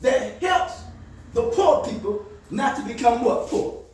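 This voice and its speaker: A man's voice: extremely high pitch, animated, measured pace, a little mellow, slight background noise. A man counseling a group in a motivational call-and-response style, asking leading questions for the listeners to finish and often raising his voice for emphasis. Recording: echoey room, far from the mic.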